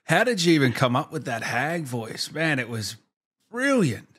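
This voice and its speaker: An enthusiastic male host with a very lively, sing-song pitch that swoops up and down as he talks. He heaps praise on his guest and keeps the chat moving over a video call. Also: normal speed. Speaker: show host. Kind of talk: casual interview chat.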